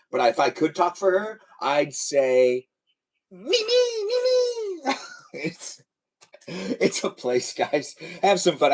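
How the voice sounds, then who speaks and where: A young man chatting casually on a live stream, rambling playfully from topic to topic and now and then breaking into high squealing calls. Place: home studio near a garage.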